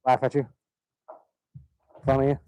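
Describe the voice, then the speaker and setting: A man's voice: mid-range voice, flat delivery, slow pace, dark tone. A man chiming in on a radio show with short quips and casual banter.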